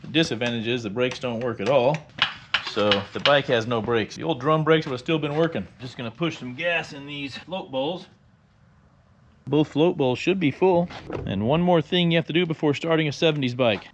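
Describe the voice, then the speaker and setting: An older motorcycle restorer works through a repair in his garage, giving casual how-to narration full of blunt wisecracks as he explains each step. His voice is a little high and moves at normal speed. The recording sounds lo-fi with a little hiss or hum.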